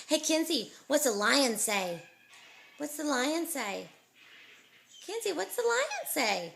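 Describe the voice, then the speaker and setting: A woman's voice: sits high, big pitch swings, measured pace, creaky, a little hiss or hum. A young mother filming her toddler at home on a phone, patiently coaxing her with questions in sing-song baby talk. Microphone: handheld phone camera.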